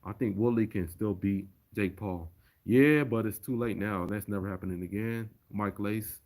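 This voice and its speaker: A man's voice: on the low side, moderate pace, a little mellow. A man chatting casually on a livestream and reading viewer comments aloud. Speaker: streamer.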